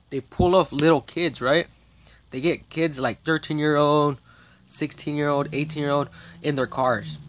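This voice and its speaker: A man's voice: medium pitch, slight background noise. Man ranting, profane and rambling. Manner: profane, agitated, rambling with frequent restarts. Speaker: vlogger. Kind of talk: rambling monologue rant.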